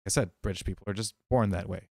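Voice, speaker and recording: A man co-hosting a casual commentary chat, talking in a rambling, halting, profane way. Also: on the low side, a little mellow, no room sound, clean studio sound.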